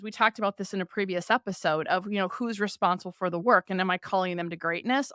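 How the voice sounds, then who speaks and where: A podcast host who is a woman talks through ideas in a smooth, medium-pitched voice. She is animated and slips into quoted complaints to make her points. The sound is close and dry, with no room around it. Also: dry recording. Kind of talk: explanatory conversational talk.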